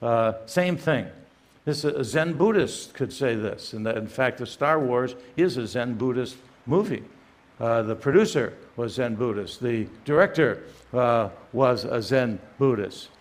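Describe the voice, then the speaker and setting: An older man giving a firm, emphatic lecture as a guest speaker, often pausing with "uh" between phrases. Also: mid-range voice, lively intonation. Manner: emphatic, many "uh" fillers, reads quotations aloud. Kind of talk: apologetics lecture.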